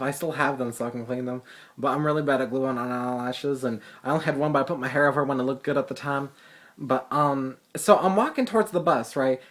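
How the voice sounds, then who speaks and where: A teenage boy telling a story to his phone camera in a fast, profane, sassy ramble full of fillers. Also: on the high side, fairly bright tone. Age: teens. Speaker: vlogger. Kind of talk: casual storytelling vlog.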